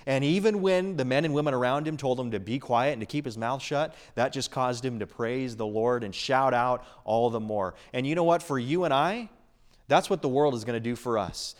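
A man preaching a sermon as pastor, earnest and emphatic, building up and easing off in intensity. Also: a little high.

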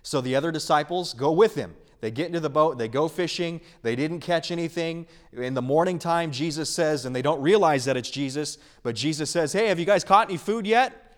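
A man preaching a sermon, earnest and emphatic, swinging between loud stresses and hushed lines. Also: on the high side, brisk, hardly any pauses. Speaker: pastor.

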